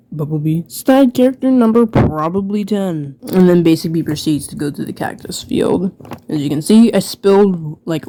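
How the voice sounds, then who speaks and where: A woman's voice: sits low, mellow, a little hiss or hum. A woman giving self-mocking, rambling casual commentary as she reviews an old book she wrote as a child, full of "like" fillers. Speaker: video creator.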